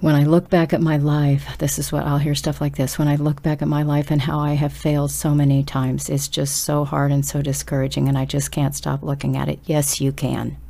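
Low, gravelly-voiced woman preaching urgently. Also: completely flat delivery, a little fast, hardly any pauses, warm tone. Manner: urgent, emphatic exhortation addressed straight to listeners. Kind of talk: sermon.

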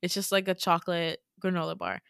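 A woman's voice: on the low side, little pitch movement, quick pace, gravelly, fairly bright tone, clean tone, dry recording, studio quality. A woman quoting an earnest young male student friend who presses her with questions, in her own voice.

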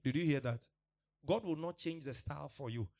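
A man's voice: a little high, brisk, vocal fry, a little mellow. A man preaching a sermon, emphatic and repetitive, with laughs between points.

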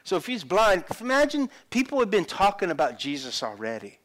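A man's voice: sits high, wildly swooping pitch, a little fast, a bit bright. A middle-aged man preaching a sermon as a pastor, acting out the voices of people in the Bible story.

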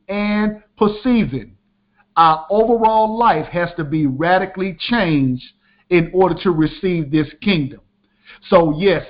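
High-voiced male preacher, emphatic sermon delivery, slightly muffled lo-fi recording. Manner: emphatic, repeats key lines for the listeners. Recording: dull lo-fi sound.

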